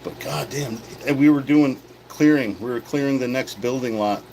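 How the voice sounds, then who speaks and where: A man of middle pitch tells a story casually and heatedly, with a swear in nearly every line. He talks bluntly, like a guy venting to friends. A light background hum sits under his voice. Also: moderate pace, darkish tone, poor audio. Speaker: livestream host.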